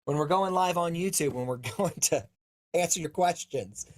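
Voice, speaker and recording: A man's voice: a little high, normal speed. A man co-hosting a live Q&A over a video call, upbeat and joking, announcing schedules and encouraging viewers. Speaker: co-host of live Q&A. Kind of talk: casual live-stream chat.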